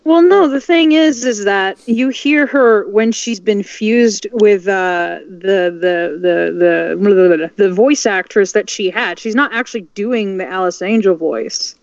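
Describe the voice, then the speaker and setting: A woman in casual livestream chat, halting and restarting as she makes her point, talking from home on an online call. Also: mid-range voice. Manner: halting, many restarts and fillers. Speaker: dub group member. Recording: dull, dry lo-fi mic.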